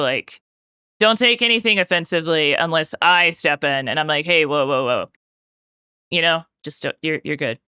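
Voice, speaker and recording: A woman's voice: sits low, sharp tone, clean tone, no echo, studio quality. A woman streamer chatting casually with her viewers while painting, telling a long rambling story full of "like" fillers. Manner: talks directly to chat while painting.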